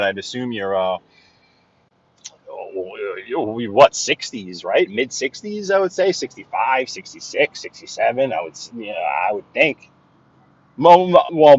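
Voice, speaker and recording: Recorded on a phone as he drives city streets through his neighborhood, a vlogger keeps up casual, chatty commentary, repeating phrases and laughing at his own stories. His voice is medium-pitched, and the audio is dry and dull.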